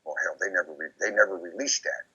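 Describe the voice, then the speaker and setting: A man being interviewed, rambling and repeating himself as he recounts memories, often quoting others in lively put-on voices. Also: deep voice, quick pace, husky. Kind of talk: casual recorded conversation. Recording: dull lo-fi recording.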